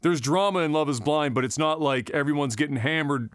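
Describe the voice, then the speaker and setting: A man's voice: fairly high pitch, a little fast, no room sound, studio quality. A man co-hosting a podcast, chatting in a loose, rambling way and laughing easily. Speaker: podcast co-host. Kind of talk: casual podcast chat.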